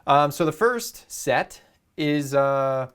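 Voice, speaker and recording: A man's voice: a little high, lively intonation, slow, a bit bright, smooth. A man talking casually to camera in a vlog, rambling and easygoing with plenty of ums and uhs. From Southern California. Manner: rambling, filler-heavy, easygoing. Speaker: photography YouTuber.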